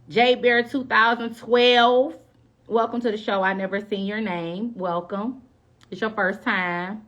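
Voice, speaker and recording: A woman with a medium-pitched voice and normal pace hosts a live-stream show. Bubbly and effusive, she chats casually and greets her viewers by name.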